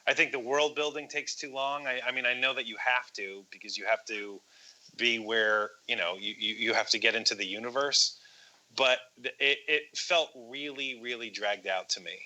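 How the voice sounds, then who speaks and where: A man co-hosting a movie podcast who speaks haltingly, with many restarts and hedges. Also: medium pitch, sharp tone, low-quality recording. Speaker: podcast co-host. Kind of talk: casual movie podcast chat.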